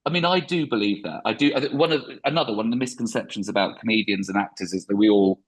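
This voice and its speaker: A man's voice: fairly low pitch, fast. A man, a stand-up comedian, talking reflectively in a podcast interview with frequent restarts.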